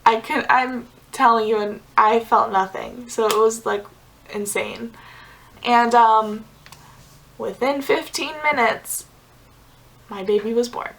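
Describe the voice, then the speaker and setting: Chatty young woman vlogger, higher voice. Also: fairly even intonation, slow pace, pauses often, a bit bright, poor audio. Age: young adult. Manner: chatty, many "like" fillers, giggly asides. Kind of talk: casual storytelling to camera.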